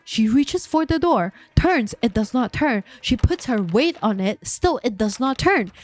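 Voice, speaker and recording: A woman casually retelling a thriller novel, slow and dramatic, with casual fillers. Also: on the high side, expressive, no echo. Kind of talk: casual storytelling recap of a novel.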